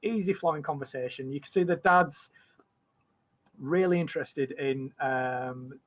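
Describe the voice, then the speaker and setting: A man's voice: on the high side, measured pace, low-quality recording. A man narrating a tabletop game as game master. He rambles and fills his talk with ums, likes and restarts. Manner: rambling, full of fillers and restarts.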